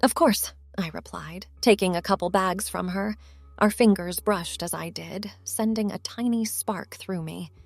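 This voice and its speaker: A woman telling a first-person story in a soft, intimate narrating manner. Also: medium pitch, dry recording.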